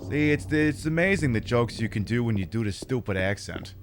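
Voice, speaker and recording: A man's voice: medium pitch, expressive, a little fast, music in the background. A man streaming a video game, giving casual, rambling commentary full of sarcastic jokes and swearing.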